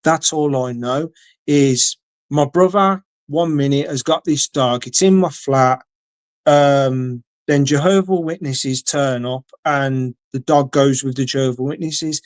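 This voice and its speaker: A man's voice: medium pitch, measured pace, no echo. An English man telling a long story in casual chat, swearing freely and acting out what people said. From England. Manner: swears freely, acts out quoted dialogue. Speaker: guest.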